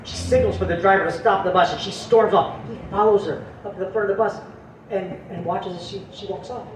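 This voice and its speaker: A high-voiced man cracks jokes in a loud, punchy way at an outdoor stage. He is caught from a distance. The sound is echoey and full of background noise. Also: steady tone, a little fast. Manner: loud, brash, punchy delivery. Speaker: comedian and show host. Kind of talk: stand-up joke telling to a live audience. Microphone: distant camera mic.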